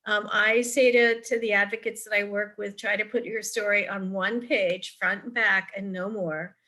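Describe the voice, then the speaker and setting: A woman's voice: mid-range voice, steady tone, moderate pace, pushed and bright. A middle-aged woman speaking on a video call, a parent advocate giving advice in a chatty storytelling way, with frequent ums and restarts. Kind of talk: virtual forum talk, advice with anecdotes.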